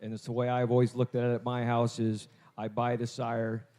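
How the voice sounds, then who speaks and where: Halting male sale announcer. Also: mid-range voice, completely flat delivery, darkish tone. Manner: halting, repeats words. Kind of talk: casual explanatory talk.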